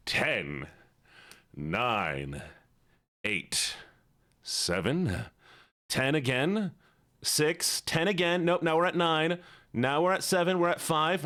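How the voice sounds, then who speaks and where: A man's voice: a little high, a bit bright. Guy streamer chatting live, super bouncy voice, jokey and playful with chat. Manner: playful, greeting viewers one by one; chatty and joking. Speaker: livestreamer. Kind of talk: casual livestream chat.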